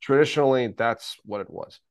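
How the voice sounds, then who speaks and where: Emphatic middle-aged man, low dry voice. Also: moderate pace, darkish tone, no echo. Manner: emphatic, repeats himself, swears when frustrated. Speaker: podcast guest, special needs father. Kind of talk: candid conversational interview.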